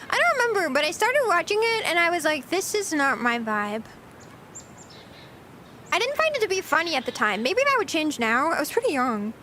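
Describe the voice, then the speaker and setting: A woman's voice: very high voice, sharp tone, a little hiss or hum. A young woman streamer rambling through casual chat with her viewers, giggling often.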